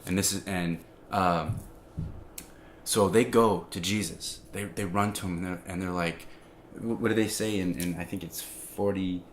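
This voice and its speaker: A man giving an informal, conversational sermon, full of restarts and fillers, growing animated as he tells the story. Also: deep voice, a little slow, a little hiss or hum. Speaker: preacher.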